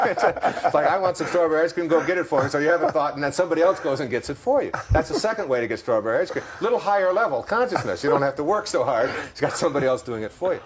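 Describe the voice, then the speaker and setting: A man with a Detroit accent, a guest in an interview, talking reflectively about spiritual ideas and often laughing through his stories. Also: medium pitch. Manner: thoughtful, laughs often while telling stories.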